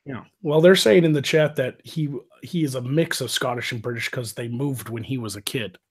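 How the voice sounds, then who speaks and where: A man's voice: medium pitch, normal speed, breathy edge. A man hosting a live stream, telling stories loosely with lots of swearing and laughter. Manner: loose, profane storytelling with frequent laughs. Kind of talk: casual chat.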